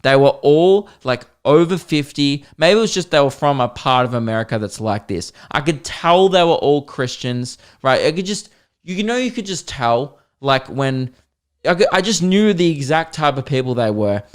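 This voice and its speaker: Animated Australian man telling stories. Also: fairly high pitch, moderate pace, smooth. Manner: animated, sweary, exasperated. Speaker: podcast host. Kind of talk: comedic storytelling.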